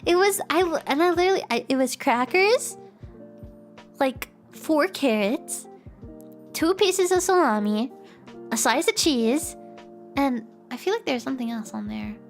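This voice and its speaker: A woman's voice: sits high, lively intonation, measured pace, long pauses, soft background music. A young woman hosting a casual livestream chat, bubbly and giggly, with a playful way of talking. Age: young adult. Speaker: streamer host.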